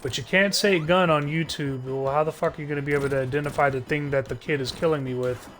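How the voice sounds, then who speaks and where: A man's voice: fairly high pitch, fairly even intonation, quick pace, a bit bright, a little hiss or hum. A man ranting sarcastically on a live stream, swearing often and stumbling through restarts. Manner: profane, heated, sarcastic ranting with frequent filler restarts.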